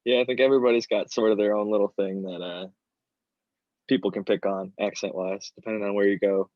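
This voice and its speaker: Podcast host, low flat voice, long measured questions, dry muffled audio. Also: male voice, no echo. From Michigan, USA. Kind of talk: casual interview chat.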